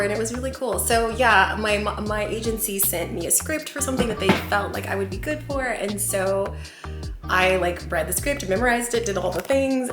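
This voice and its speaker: In her home kitchen, a woman vlogger and channel host chats casually to camera, gushing and full of filler words. Her voice is medium-pitched and sounds roomy.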